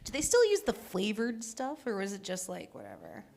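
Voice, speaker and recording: A woman performs stand-up into a handheld mic on a small venue stage. Her voice sits at an ordinary middle pitch, and she is bubbly and chatty, asking the front row questions between jokes. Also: wildly swooping pitch, normal speed, creaky, darkish tone. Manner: bubbly, chatty, works the crowd. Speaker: stand-up comic. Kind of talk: stand-up comedy set.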